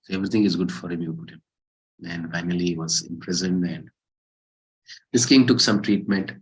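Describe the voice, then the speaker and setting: A man leads a scripture class through a parable in a low, steady voice. He tells the story in animated bursts and keeps asking his listeners rhetorical questions. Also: brisk, low-quality recording. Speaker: spiritual teacher.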